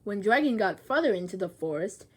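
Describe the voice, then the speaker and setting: Expressive woman reading a children's story. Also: medium pitch, fairly quick, slightly rough. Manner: expressive, acting out sound effects. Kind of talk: children's storybook read-aloud.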